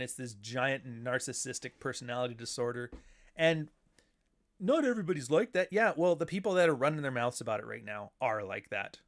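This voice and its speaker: A man's voice: medium pitch, lively intonation, normal speed. A man hosting a podcast, ranting in a casual, profane and sarcastic way. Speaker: podcast host. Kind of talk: casual livestream rant.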